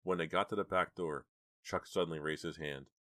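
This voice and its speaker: A man narrating a horror audiobook in a steady, measured storytelling manner. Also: very deep voice, dry recording, studio quality.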